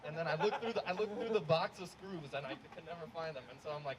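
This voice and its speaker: A man's voice: sits high, fast, few pauses, a crowd in the background. A young man doing a casual, rambling stand-up set outdoors, full of likes. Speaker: stand-up comedian. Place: outdoor show. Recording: noisy outdoor recording.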